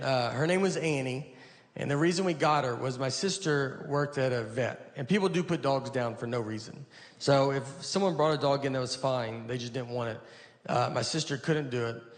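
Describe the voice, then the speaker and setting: A man doing a stand-up comedy set on a stage, telling stories in a dry, deadpan way over audience laughter. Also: medium pitch. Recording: live audience noise behind.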